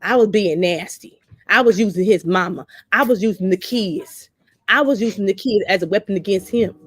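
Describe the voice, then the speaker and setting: With a mid-range, breathy-edged voice at a moderate pace, a woman hosts a talk show and shares candid personal stories. She's blunt and salty, animatedly mimicking the people she quotes, recorded with no room sound.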